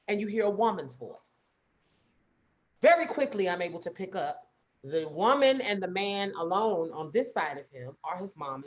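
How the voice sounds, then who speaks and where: Lively storytelling woman, dull lo-fi sound. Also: mid-range voice. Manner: animated storytelling with quoted voices. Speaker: podcast co-host. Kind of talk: casual chat.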